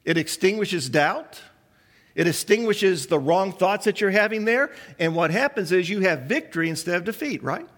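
A man with a high-pitched voice delivers a sermon, asking his listeners question after question. His voice carries a long reverb, as if from a large hall. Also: animated, moderate pace, a bit bright. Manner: preaching with many rhetorical questions to the congregation. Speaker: pastor.

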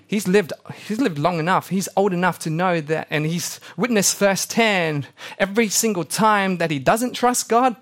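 A young male pastor preaching with a fairly high voice that keeps jumping in pitch as he acts out the voices of those he quotes. His delivery is lively and storytelling, sometimes rushing ahead and sometimes slowing right down. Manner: animated storytelling, acting out quotes. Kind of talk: sermon.

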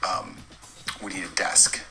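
A man voicing a blunt male business partner who drives a hard bargain, in terse, flat demands. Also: measured pace. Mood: curt.

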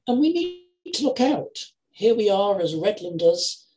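An older man preaching an earnest sermon over a video call, with measured phrasing and emphatic repetitions. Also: high-pitched, sing-song, a little mellow, low-quality recording. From England, Lincoln. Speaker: lay preacher.

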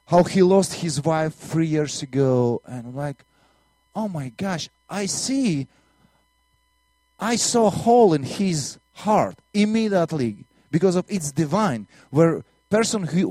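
Missionary preacher from Latvia, Russian accent, slightly high male voice, dry close sound, earnest testimony style. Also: warm tone, dry recording. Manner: earnest storytelling with broken English and repeated words. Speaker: minister and missionary. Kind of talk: testimony sermon.

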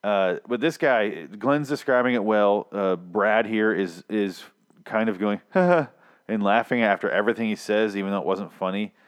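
A Canadian man on a podcast, venting with plenty of swearing and exasperation. His voice sits fairly low, and the talk is loose and conversational. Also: steady tone, moderate pace, smooth. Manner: profane, exasperated ranting. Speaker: podcast co-host. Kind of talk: casual podcast rant.

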